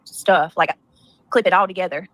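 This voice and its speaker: A woman's voice: lowish voice, moderate pace, a bit bright, no room sound. A woman with a Southern US accent, ranting on her livestream in a mocking, scornful tone. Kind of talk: casual stream rant.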